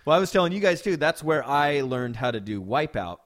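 Host guy joking around w his guests, voice jumps all over, asks quick questions. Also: fairly high pitch, very animated. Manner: jokey, quick follow-up questions. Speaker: interview host. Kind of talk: casual interview chat.

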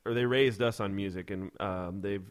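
A man speaking as a guest in a relaxed interview, his voice sitting a little low. He laughs easily and circles back over his words with fillers and restarts. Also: normal speed, clean tone. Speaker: musician guest. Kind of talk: casual interview chat.

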